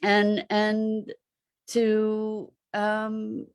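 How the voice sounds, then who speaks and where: A woman's voice: medium pitch, monotone, drawn-out words. A woman hosting a reflective live online talk, musing aloud and posing rhetorical questions. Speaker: host and teacher.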